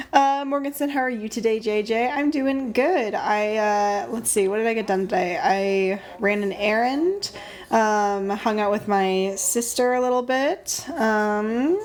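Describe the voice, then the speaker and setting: A young woman draws stickers on a livestream, chatting casually, thinking out loud, and greeting viewers by name. Her voice is medium in pitch with a darkish tone.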